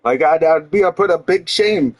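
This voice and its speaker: A man's voice: fairly high pitch, lively intonation, moderate pace. A man livestreaming, telling a story to his chat in a heated, profane ranting way. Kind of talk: casual storytelling to a stream chat. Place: home streaming setup.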